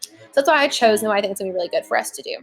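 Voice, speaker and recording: A woman's voice: mid-range voice, lively intonation, rapid-fire. A young adult woman teacher giving a casual recorded lesson from home, chatty and informal, with many fillers. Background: leaf blower outside.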